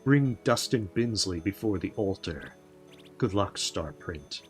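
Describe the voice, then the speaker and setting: Guy doing a low slow spirit voice, solemn, husky, game music behind. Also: lively intonation.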